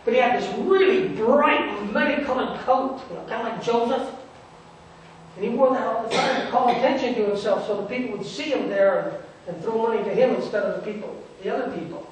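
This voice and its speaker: A man's voice: very high-pitched, brisk, a little hiss or hum. A male pastor playing a scornful roadside merchant, telling the story in the first person in a sarcastic, dismissive way. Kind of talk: first-person dramatic sermon monologue. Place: church sanctuary. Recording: echoey church from a distant mic.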